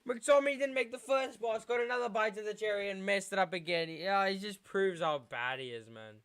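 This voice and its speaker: Young man, from south africa, football watchalong streamer, smooth clear voice, slightly high pitch, excitable, tired. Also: a little fast. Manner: excitable fan, shouting at big moments, chanting. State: tired, yawning. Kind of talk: live football watchalong commentary.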